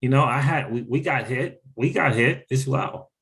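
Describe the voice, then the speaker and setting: A man hosting a casual livestream, animated and exclaiming, repeating phrases for emphasis and greeting viewers from the chat. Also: mid-range voice, moderate pace. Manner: reads out and thanks chat viewers. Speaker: crypto livestream host.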